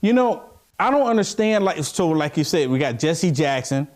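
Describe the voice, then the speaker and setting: High-voiced man preaching his opinions. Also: normal speed. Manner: animated, preachy, drawing the listener in. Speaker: co-host of a political talk show. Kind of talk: casual political discussion.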